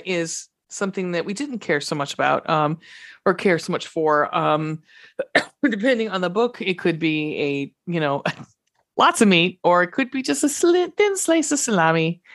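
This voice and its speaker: A woman co-hosting a book podcast, talking in a relaxed, chatty way. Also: lowish voice. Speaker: podcast co-host. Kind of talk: casual book review chat.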